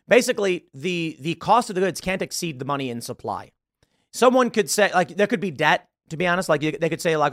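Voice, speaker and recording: Animated man hosting a commentary show. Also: a little high, normal speed, dry recording, clean studio sound. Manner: animated, rambling, with many fillers. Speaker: show host. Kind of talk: political commentary monologue.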